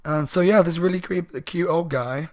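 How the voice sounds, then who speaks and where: A man with a sore throat casually retelling a book plot as a reviewer, rambling and animated. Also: fairly high pitch, moderate pace. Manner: rambling, animated, laughing asides.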